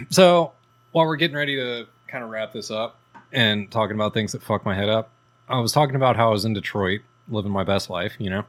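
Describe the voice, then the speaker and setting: A man's voice: on the low side, fairly quick. A man co-hosting a podcast, telling rambling, profane stories in casual chat. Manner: profane, rambling storytelling with laughs. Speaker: podcast co-host.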